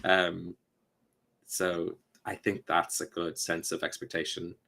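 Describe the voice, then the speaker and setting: Deep-voiced man, lively podcast chatter. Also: creaky. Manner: animated, slips into quick quoted voices; swearing, laughs mid-sentence. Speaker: podcast co-host. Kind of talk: casual podcast chat.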